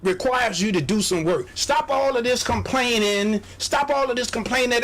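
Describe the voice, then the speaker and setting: A man's voice: very high voice, moderate pace, few pauses, a bit bright. A man hosting a radio show, giving a motivational sales pep talk, exhorting his listeners, repeating phrases and mimicking doubters.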